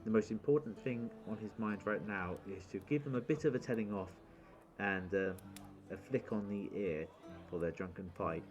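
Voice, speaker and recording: A man narrating as game master in a tabletop game, relaxed and hesitant with many fillers. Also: fairly low pitch, moderate pace, muffled recording, over music.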